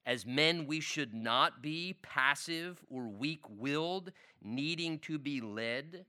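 A man's voice: fairly high pitch, lively intonation, takes it slowly, bright, forceful tone. A middle-aged man teaching a church men's class, speaking emphatically and repeating key lines for stress.

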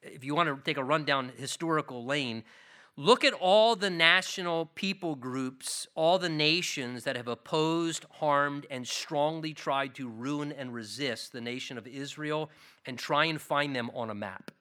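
A man with a bright, forward voice preaches through a Bible passage. He is earnest and hammers home key phrases by repeating them, and he sits a little high in pitch. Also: measured pace. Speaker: pastor. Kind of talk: expository Bible sermon.

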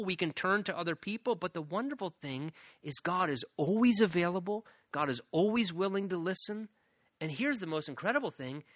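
A man preaching a sermon as a pastor, his bright, slightly high voice carrying an earnest tone that builds into fervent emphasis. The recording is dry and close. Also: no room sound.

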